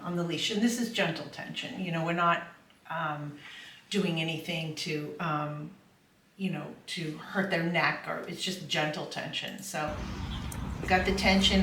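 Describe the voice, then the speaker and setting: A middle-aged woman dog trainer explaining puppy training in a calm, affirming voice. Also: sits low. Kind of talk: instructional voice-over. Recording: echoey room, from far off, faint noise.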